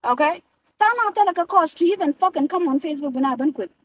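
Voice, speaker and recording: A woman's voice: sits high, lively intonation, fast, poor audio. A South Sudanese woman in a car, ranting and swearing into her phone camera, switching between languages. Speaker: vlogger. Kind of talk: profane ranting vlog.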